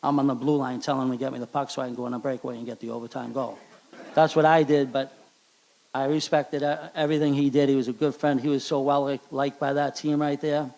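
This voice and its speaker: A middle-aged man with a Boston accent giving an emotional hall of fame acceptance speech at a banquet, halting and repeating words. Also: mid-range voice, flat delivery, a little mellow. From Charlestown, Boston.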